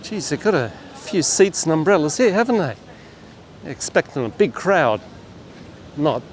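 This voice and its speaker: A man's voice: on the high side, very animated, moderate pace, a little hiss or hum. Wry man walking outdoors. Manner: wry, chatty asides to the camera. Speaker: vlogger on a walking tour. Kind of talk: casual walking commentary. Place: outdoors on a beachfront street.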